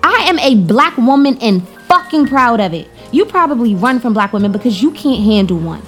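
A woman's voice: mid-range voice, lively intonation, normal speed, vocal fry, mellow, soft background music. An actress playing an outspoken young woman interior designer, blunt and profane. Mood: furious. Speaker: Denise.

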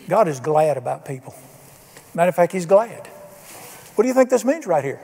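Older man, folksy preacher, mellow voice, reverberant church hall. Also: on the high side, animated, quick pace, gravelly, long pauses, slightly rough. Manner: folksy, emphatic, asks the congregation questions. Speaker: pastor. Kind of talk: sermon. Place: church sanctuary.

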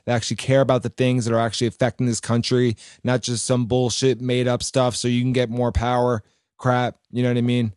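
Blunt, swearing podcast host, dry sound. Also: male voice, mid-range voice, darkish tone, no room sound. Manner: loose and blunt, swears freely. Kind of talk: casual political commentary.

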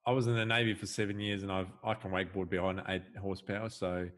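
Aussie guy cohosting a podcast, lowish voice, relaxed and chatty, lots of ums. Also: quick pace. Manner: relaxed, laughs easily, trailing fillers. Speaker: podcast co-host. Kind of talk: casual chat.

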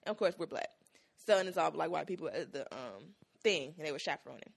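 A woman's voice: low voice, quick pace, vocal fry. A young woman from South Miami telling stories in casual chat, acting out the voices of people she quotes. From South Miami, Florida. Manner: animated, acts out quoted voices.

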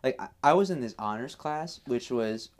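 A man's voice: medium pitch, animated, normal speed. A young man telling a school story in casual chat, rambling and full of restarts.

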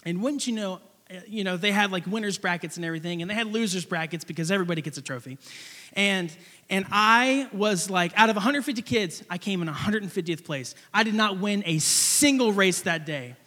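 A young man preaching a sermon, telling a personal story in an animated, rambling way with many restarts. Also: sits high, a little fast, long reverb tail.

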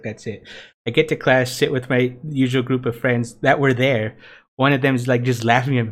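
A man's voice: a little high, normal speed. A young man in his twenties, a podcast co-host, telling a story in casual chat, laughing often and swearing freely.

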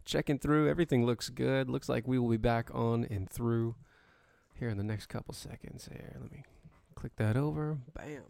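A man's voice: mid-range voice, normal speed, creaky, a little mellow, dry recording. A man hosting a livestream, casually chatting with viewers and humming to himself while setting up. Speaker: livestream show host. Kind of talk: casual pre-show chat to viewers.

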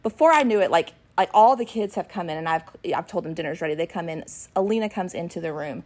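A middle-aged woman co-hosting a podcast, chatting and telling lively family stories about her kids in an animated way. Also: lowish voice, fast. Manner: animated, acts out her kids' voices when retelling. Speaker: podcast co-host and ministry worker. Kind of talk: casual chat with storytelling.

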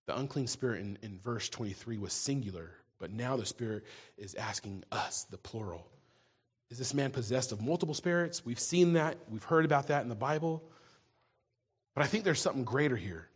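A man's voice: medium pitch, expressive, fairly quick, breathy edge. A man preaching a sermon in a conversational way, often restarting and repeating words as he goes. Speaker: pastor.

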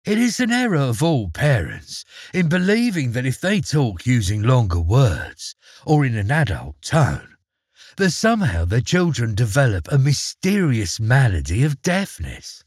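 A male storyteller reading a classic fairy tale aloud, theatrical and expressive. His voice is somewhat husky and swings widely in pitch. It sounds dry and close to the mic. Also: unhurried, dry recording.

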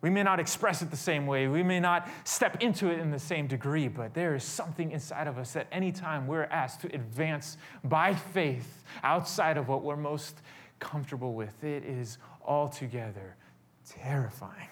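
Guy preaching, tells stories, kinda high voice, gets loud then goes real quiet. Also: normal speed. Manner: animated, swings from loud to hushed. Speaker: pastor. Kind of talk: storytelling sermon.

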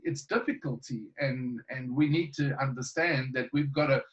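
A man's voice: medium pitch, moderate pace, highs cut off. A man telling a joke and talking faith in a casual chat, rambling, chuckling and restarting often.

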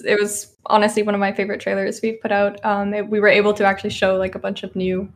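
A woman's voice: medium pitch, level tone, fast, few pauses. A woman speaking from home as a game developer guest in an interview, upbeat and enthusiastic. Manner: upbeat, enthusiastic, many yeahs. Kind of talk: casual interview answers.

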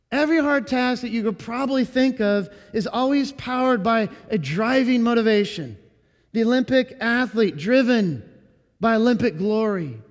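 A male pastor preaching an earnest sermon, slowing down and leaning into key words. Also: extremely high pitch, in a large hall.

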